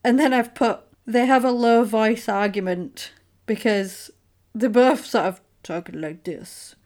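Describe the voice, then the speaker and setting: A woman chatting casually, retelling a film plot and acting out the characters' lines. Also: fairly high pitch. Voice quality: animated storyteller, acts out characters' lines in quick voices. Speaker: podcast co-host recapping a film. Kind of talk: casual chat.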